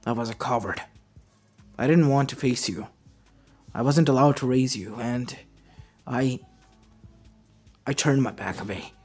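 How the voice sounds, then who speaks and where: A man voicing a guilt-ridden male scientist uncle in a fan story, speaking earnestly and quietly, with faint music behind. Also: medium pitch, unhurried, long pauses, natural voice. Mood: remorseful.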